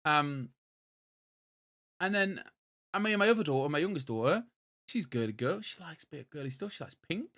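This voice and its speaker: A British man in his thirties, a podcast co-host telling a story in a casual chat, moving between loud bursts and muttered asides. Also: fairly high pitch, animated, moderate pace, pauses often.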